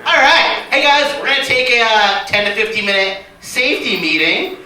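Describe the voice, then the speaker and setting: A man's voice: sits high, moderate pace. A man hosting a comedy show, offhand and jokey as he announces the break. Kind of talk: stand-up hosting. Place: small comedy club stage. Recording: echoey room, mic from far off, noisy.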